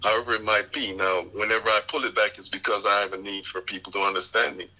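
A man from Panama speaks with a West Indian accent in a lowish but very bright, sharp-edged voice. He talks in a measured, earnest way as a podcast guest. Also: flat delivery, poor audio. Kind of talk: casual interview chat.

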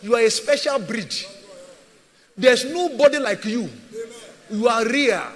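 A man's voice: very high voice, expressive, unhurried, fairly bright tone, big-room sound. A man preaching a sermon as a pastor, emphatic and repetitive, firing rhetorical questions at his church.

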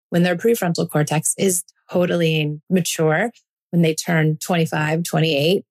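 A woman in her forties speaks in a slightly low voice as a podcast host. She is earnest and reassuring and drives her points home by repeating them. The talk is a calm monologue. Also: slightly rough. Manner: earnest, reassuring, emphatic repetition.

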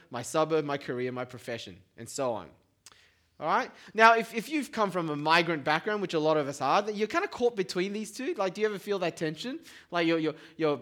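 Bright-voiced man preaching a lively sermon. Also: sits high. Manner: lively and conversational, asks the congregation to repeat words. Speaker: pastor.

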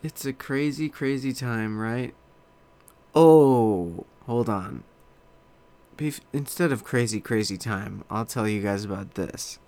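A man's voice: medium pitch, slow, darkish tone. A man hosting a solo podcast from his desk, rambling casually with a self-deprecating, swearing manner. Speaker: podcast host.

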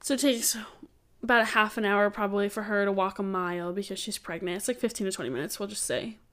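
A woman's voice: medium pitch, fast, fairly bright tone. A woman co-hosting a true-crime podcast, talking through theories in a loose, chatty way and laughing easily. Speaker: podcast co-host. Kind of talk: casual true-crime chat.

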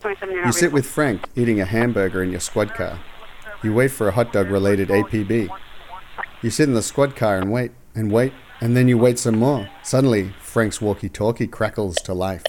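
A man narrating a comedic second-person story in a deadpan way. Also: lowish voice, normal speed, crowd noise.

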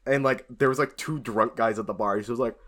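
Young male co-host, mid-pitched, loose rambling storyteller who swears freely. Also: steady tone, brisk, a bit bright. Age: young adult. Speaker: podcast co-host. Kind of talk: casual chat.

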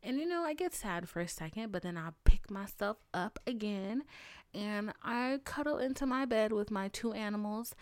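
A woman's voice: medium pitch, moderate pace, no echo. A woman hosting a casual solo podcast, telling a story with lots of profanity, drama and sudden drops into whispers. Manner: animated, profane, dramatic swings into loud outbursts and whispers. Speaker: podcast host.

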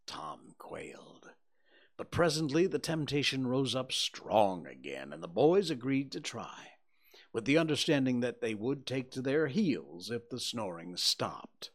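A man narrating a novel in a measured way, dropping to a hush at tense moments. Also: mid-range voice, very animated. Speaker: audiobook narrator.

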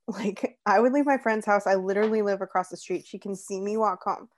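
A woman's voice: mid-range voice, fairly quick. Chatty young woman telling stories. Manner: chatty, animated storytelling with many "like"s. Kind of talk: casual chat.

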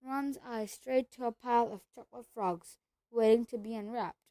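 A woman's voice: fairly high pitch, normal speed, dry recording, poor audio. Woman reading a storybook aloud, close and dry. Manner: steady reading with small slips and self-corrections. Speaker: storybook reader.

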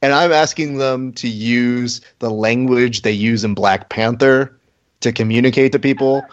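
A man's voice: mid-range voice, unhurried, highs cut off. A man hosting a casual podcast chat, joking and riffing with his co-hosts. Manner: jokey, riffing with bits. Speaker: podcast host.

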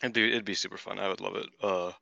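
A man co-hosting a podcast in casual chat, rambling and excitable, swearing freely. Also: low-pitched, quick pace, vocal fry, dry recording, muffled recording. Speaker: podcast co-host.

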